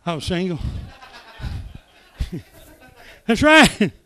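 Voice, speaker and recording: An older man preaching, telling folksy stories that swing from soft asides to loud exclamations. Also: sits high, very animated, very slow. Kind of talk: sermon testimony.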